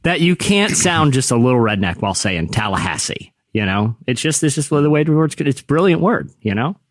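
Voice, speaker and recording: A man's voice: mid-range voice, big pitch swings, a little fast, no echo, clean studio sound. A man hosting a podcast, riffing jokily with playful exaggeration in casual banter. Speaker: podcast host.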